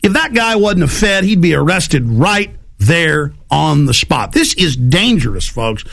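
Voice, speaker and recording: Gravelly animated talk radio host. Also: male voice, on the high side, measured pace. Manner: rambling, acts out quoted voices.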